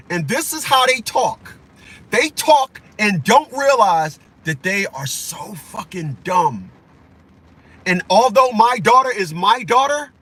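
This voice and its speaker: A man's voice: high voice, sing-song, slow pace, bright, forceful tone, slightly rough. A man delivering a heated, profane opinion rant as a vlogger, repeating himself for emphasis.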